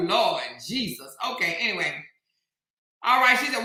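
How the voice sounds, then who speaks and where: A woman's voice: fairly high pitch, expressive, normal speed, bright, forceful tone. An American woman hosting a casual commentary vlog, sassy and emphatic, speaking straight to the people she talks about. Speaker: commentary vlogger host. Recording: echoey room.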